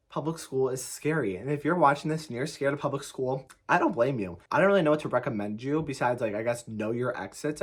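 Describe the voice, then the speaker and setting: A man's voice: medium pitch, slightly rough. A young man tells a story to the camera in a casual, emphatic way, swearing often and filling with "like". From United States. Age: young adult. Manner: emphatic, profane, heavy on "like" fillers. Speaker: vlogger.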